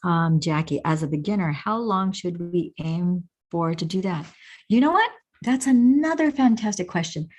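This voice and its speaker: A woman hosting a show and answering viewer questions, enthusiastic and animated, often breaking into excited exclamations. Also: lowish voice, moderate pace. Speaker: host.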